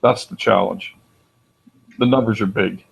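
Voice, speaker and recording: A man's voice: on the low side, steady tone, measured pace, creaky, slightly rough, low-quality recording. A man hosting a small online group chat, talking in an easygoing, chatty way with restarts. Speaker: group host.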